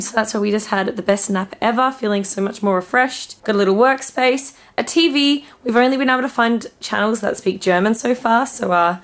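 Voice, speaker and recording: A young woman, slightly hoarse, chatting excitedly as a travel vlogger into a handheld camera. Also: medium pitch. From Australia. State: slightly hoarse from losing her voice. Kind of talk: casual travel vlog.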